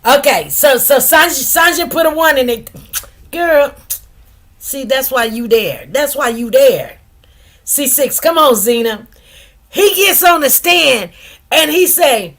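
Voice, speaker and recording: Slow-talking chatty woman livestreamer. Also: high-pitched, lively intonation, a bit bright. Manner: chatty, talks straight to viewers, slangy. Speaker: livestream host. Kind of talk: casual commentary to a live chat.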